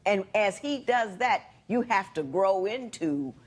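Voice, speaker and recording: A woman's voice: medium pitch, animated, unhurried. A woman, a TV court judge giving blunt, folksy advice to a couple.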